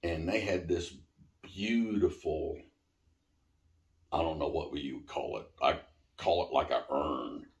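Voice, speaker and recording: A middle-aged man, the host's father, telling a personal story in a casual, animated way and swearing now and then. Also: rumbling low, slow, long pauses. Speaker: interviewee, father of the host. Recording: roomy echo.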